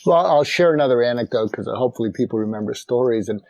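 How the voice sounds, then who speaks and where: A man's voice: medium pitch, animated, creaky, darkish tone, no echo, lo-fi sound. An older man, a psychiatrist and author, telling anecdotes as a guest in an interview. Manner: measured anecdotal storytelling. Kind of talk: storytelling in an interview.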